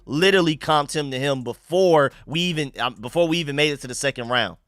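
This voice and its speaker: A young man from the United States hosting a live stream, chatting casually and shouting out viewers and donations. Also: a little high, quick pace, no room sound, clean studio sound. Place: home room.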